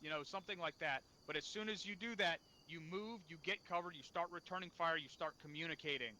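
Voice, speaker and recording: Man, unit leader, blunt and profane, bright tense voice, somewhat high. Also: fast talker, a little hiss or hum. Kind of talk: after-action debrief.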